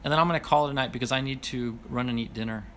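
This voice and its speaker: A man's voice: medium pitch, rapid-fire, a bit bright, a little hiss or hum. A man hosting a casual livestream and reading viewer comments aloud, apologetic and self-deprecating, laughing often as he stumbles over names. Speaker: livestream host.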